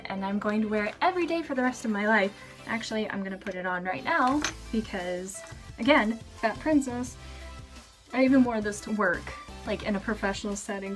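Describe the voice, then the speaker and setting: A woman's voice: medium pitch, fairly bright tone. Bubbly young woman gushing over favorites. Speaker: vlogger. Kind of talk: casual favorites vlog.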